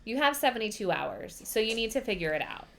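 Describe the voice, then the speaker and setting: A woman's voice: on the high side, very animated, a little fast, creaky. A woman voicing a cold, commanding young man who trains the heroine, speaking bluntly and dismissively.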